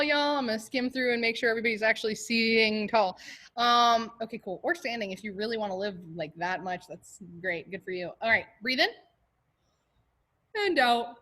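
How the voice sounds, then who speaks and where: A woman leading an online choir class and warm-ups, talking casually and jokily with lots of fillers over a video call. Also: fairly high pitch. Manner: casual, joking, chatty with many fillers.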